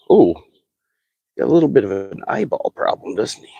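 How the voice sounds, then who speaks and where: A man casually chatting on a live stream while fishing, excitable and talkative, whooping when thrilled. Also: low-pitched, fairly quick, vocal fry, breathy edge, no echo.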